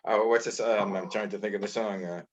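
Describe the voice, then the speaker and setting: An older man from New York with a Brooklyn accent, hosting a casual chat and telling stories in a rambling, halting way with many restarts. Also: fairly low pitch, highs cut off. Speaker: host.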